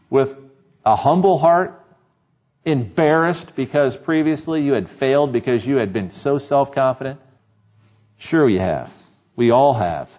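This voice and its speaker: A man's voice: fairly high pitch, a little mellow. A man preaching a sermon, reading scripture and asking the congregation rhetorical questions in an earnest, emphatic way. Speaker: pastor. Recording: dull lo-fi sermon recording.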